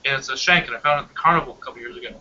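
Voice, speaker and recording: A man's voice: mid-range voice, very fast, bright, forceful tone, muffled recording, slight background noise. A young man in casual chat, animatedly telling a long dream story and laughing often. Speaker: hangout participant.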